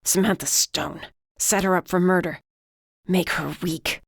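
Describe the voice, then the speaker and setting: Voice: medium pitch, fairly even intonation, unhurried, vocal fry, husky, no room sound. An audiobook narrator voicing a tormented male prisoner who hisses his answers in pain, in a dry recording. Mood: strained. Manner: strained, pained hissing.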